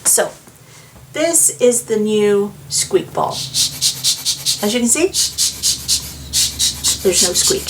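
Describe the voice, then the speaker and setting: A woman's voice: medium pitch, animated, very slow, long pauses, noisy background. A woman chatting casually as a knitting vlogger, rambling with many fillers and asides. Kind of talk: casual chat to camera.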